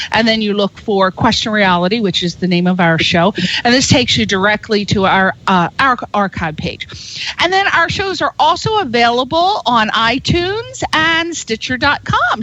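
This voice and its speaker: A woman's voice: fairly high pitch, fairly bright tone. A woman hosting a radio talk show, chatty and rambling as she gives web addresses and introduces guests. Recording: dull lo-fi radio broadcast.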